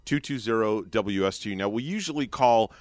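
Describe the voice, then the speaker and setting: A man's voice: on the low side, expressive, fairly quick, a little mellow, no echo. A man hosting a morning radio show, chatting in an upbeat way while he calls another station. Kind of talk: casual radio banter. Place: radio studio. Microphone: studio microphone.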